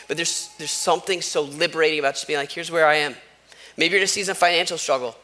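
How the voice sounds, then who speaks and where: A man's voice: fairly high pitch, sharp tone. A man preaching a sermon as a church pastor, talking conversationally and telling stories with asides. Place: church sanctuary. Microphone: wireless microphone.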